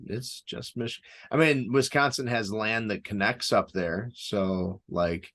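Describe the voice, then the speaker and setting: A young man from the Chicago area co-hosting a wrestling podcast, chatting casually with deadpan, rambling jokes. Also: on the low side, takes it slowly. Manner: joking, rambling, deadpan irony. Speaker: podcast co-host. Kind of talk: casual chat.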